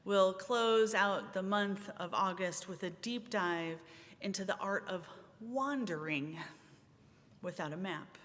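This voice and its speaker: A woman minister leading a service, speaking in a slow, measured, meditative way with long pauses. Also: fairly bright tone. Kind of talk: sermon and guided centering. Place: large church sanctuary. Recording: reverberant sanctuary, faint rumble.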